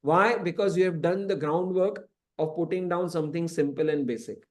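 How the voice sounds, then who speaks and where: A man's voice: fairly high pitch, moderate pace. A man teaching a scripture class, explaining at length with frequent "you know" asides. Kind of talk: lecturing to a class. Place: temple classroom.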